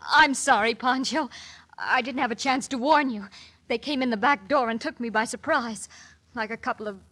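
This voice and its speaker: A woman playing a spirited, kind young schoolteacher, brisk and earnest, in 1940s radio acting. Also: a little high, fairly bright tone. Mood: warm.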